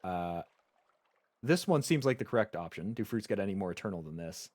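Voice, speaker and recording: A man's voice: lowish voice, expressive, a little fast, darkish tone, no room sound. A man streaming a game live, reading its story text aloud and chatting casually with frequent stammered restarts.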